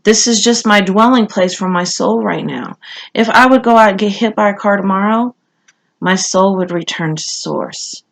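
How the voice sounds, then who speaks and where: A woman's voice: medium pitch, moderate pace, creaky. A woman giving a casual, conversational tarot reading, talking with frequent fillers and asides. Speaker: tarot reader.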